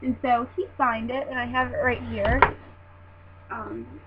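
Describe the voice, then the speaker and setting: A woman's voice: on the high side, measured pace. A young woman eagerly recounting a live wrestling show in a casual vlog, gushing and giggly as she tells it. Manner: gushing, excitable, giggly fangirl. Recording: tinny lo-fi phone-like audio with faint hum.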